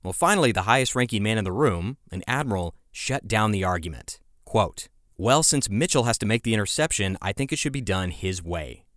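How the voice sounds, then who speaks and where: A man's voice: fairly low pitch, animated, fairly quick, fairly bright tone, no echo, clean studio sound. A man hosting a podcast, telling a history story in scripted narration with casual, conversational asides. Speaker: podcast host.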